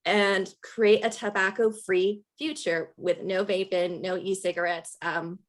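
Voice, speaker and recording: A woman's voice: mid-range voice, fairly even intonation, a little slow. A woman hosting a virtual rally on a video call, upbeat and encouraging, with many fillers. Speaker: event host and organizer.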